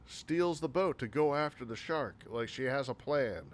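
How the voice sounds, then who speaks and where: A man at an ordinary mid pitch picks apart a movie in a loose, rambling way. He talks casually and sarcastically, dropping swear words freely as he lists complaints. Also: lively intonation, moderate pace. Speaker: movie reviewer. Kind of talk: casual spoken movie critique.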